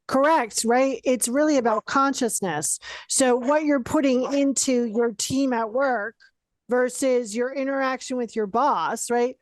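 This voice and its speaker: A woman's voice: high-pitched, a little slow, no room sound. Blunt woman guest, dry sound. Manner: frank, blunt, sprinkles "right?". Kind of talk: casual interview chat.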